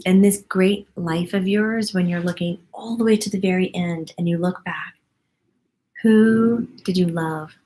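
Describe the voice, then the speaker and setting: A woman in her forties hosts a live stream, reading her viewers' comments aloud at an unhurried pace. She is effusive and full of wonder, and laughs often as she chats. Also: lowish voice, dark tone. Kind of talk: casual live-stream chat.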